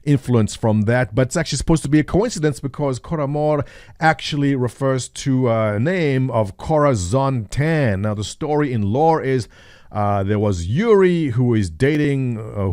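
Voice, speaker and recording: A man's voice: mid-range voice, animated, moderate pace, a little mellow, no room sound, studio quality. Chatty man commenting on game news. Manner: chatty, jokey, with frequent uh fillers. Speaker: gaming video host. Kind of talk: casual gameplay commentary.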